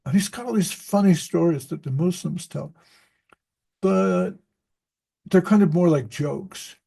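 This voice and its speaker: Gravelly, husky rambling male teacher. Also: high voice, a little slow, dark tone. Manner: rambling, self-interrupting storyteller. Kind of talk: casual group discussion.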